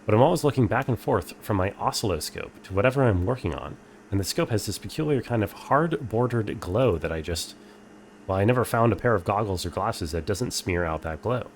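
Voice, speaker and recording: A man's voice: lowish voice, lively intonation, fairly quick, slight background noise. A young man streaming a game, reading its text aloud and chatting dryly with viewers. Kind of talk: casual game playthrough commentary.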